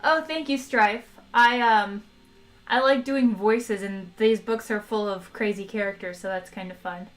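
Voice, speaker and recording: Woman streamer reading a novel aloud, expressive narration, faint music under it. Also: medium pitch, a little slow, poor audio. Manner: lively narration, chats with viewers between passages. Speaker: book reader on a live stream. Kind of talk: expressive read-aloud with character voices.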